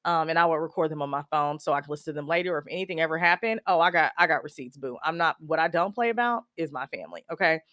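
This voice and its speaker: Animated woman telling a personal story. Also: low-pitched, racing, few pauses, no echo, clean studio sound. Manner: animated, slangy, acts out quoted dialogue. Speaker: podcast host.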